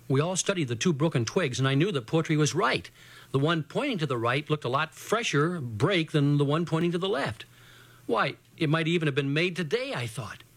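A man with a slightly raised pitch reads a children's adventure story. He tells it in a homespun, first-person way, like a boy recounting his own day. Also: expressive, brisk.

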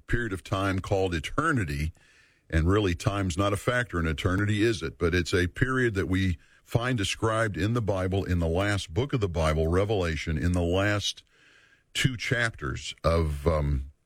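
A man teaching a Bible study series in an earnest, measured way, repeating words for emphasis. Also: low-pitched, dry recording.

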